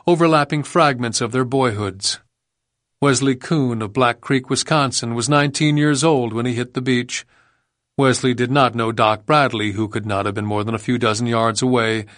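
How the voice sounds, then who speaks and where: A male audiobook narrator reading in a measured, grave way. His pitch sits in the middle for a man. The sound is close and dry, with no room around it. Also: a bit bright, no room sound. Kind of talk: scripted narration.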